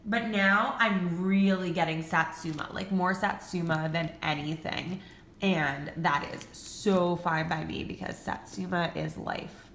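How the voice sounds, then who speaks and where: A bright, sharp-toned young woman in her twenties gushes through a casual haul video, excitable and full of "like". Her voice rings in an echoey room. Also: fairly low pitch, a little slow, slight background noise. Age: 20s. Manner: gushing, excitable, peppered with "like" and swearing. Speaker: vlogger.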